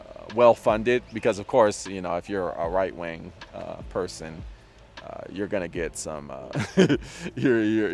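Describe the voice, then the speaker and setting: A man hosting a casual discussion outdoors, hesitant with many fillers and restarts, laughing often. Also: low-pitched. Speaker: discussion host. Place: outdoors, drizzling.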